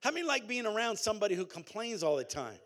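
A pastor preaches a sermon in a high-pitched voice at a quick pace, conversational and animated, using call-and-response and repeated phrases.

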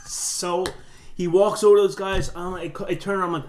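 A man's voice: sits high, steady tone, brisk. Man telling a rambling story. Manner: rambling anecdotes with laughs. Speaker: podcast co-host. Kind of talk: casual storytelling chat.

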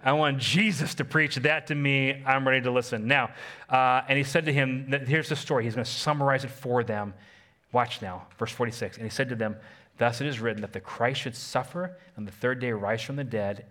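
A man's voice: mid-range voice, fairly bright tone. A man, a pastor, preaching a sermon with emphatic call-and-response and repeated phrases.

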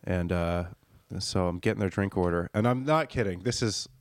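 A man telling a funny story about his job as a server in a profane, animated way, acting out the people in it. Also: low-pitched, moderate pace, no echo, studio quality. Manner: profane, animated, acts out quotes. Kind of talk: casual comedic storytelling.

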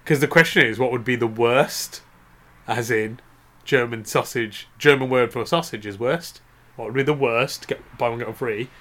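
Giggly, bright-voiced man. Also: medium pitch, normal speed. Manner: jokey, giggly, rambling wordplay. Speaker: podcast co-host. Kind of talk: casual comedic chat.

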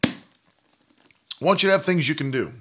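Bright-voiced preaching man in his thirties. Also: on the high side, expressive, moderate pace, husky. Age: 30s. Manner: emphatic preaching, mocking quoted doubters. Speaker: pastor. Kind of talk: sermon.

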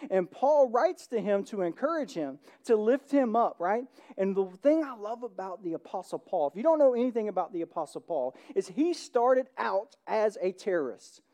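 A preacher delivering a sermon with a relaxed, mellow voice. The talk stays conversational and keeps checking in with the listeners. The energy builds into open excitement. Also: mid-range voice, normal speed, few pauses. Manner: conversational, often checks in with the congregation; grows animated and excited. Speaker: pastor.

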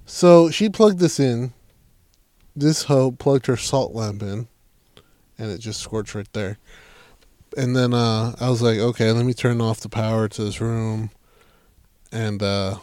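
A man's voice: medium pitch, measured pace, pauses often, darkish tone, no echo. A man telling a work story in casual chat, swearing a lot and acting out his coworkers' lines.

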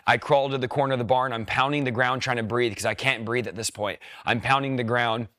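A man's voice: medium pitch, steady tone, bright, forceful tone, no room sound. Earnest young man, dry close sound. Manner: earnest storytelling, quick bursts. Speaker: preacher. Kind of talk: personal testimony.

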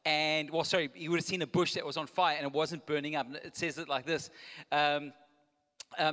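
Man, preacher, casual joking sermon, forceful bright tone, long reverb of a church hall. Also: fairly high pitch, steady tone, normal speed. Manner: conversational, with joking asides and restarts. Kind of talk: live sermon. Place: church auditorium.

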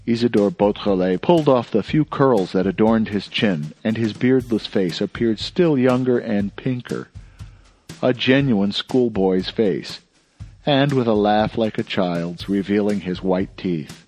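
A man narrating an audiobook in a steady, measured storytelling manner. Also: fairly low pitch, faint music behind. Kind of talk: scripted narration.

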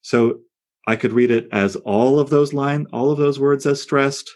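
A man teaching a poetry class, talking in a lively, digressive way that often breaks off into asides. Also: medium pitch, measured pace. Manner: animated, digressive, self-interrupting. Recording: on air class broadcast.

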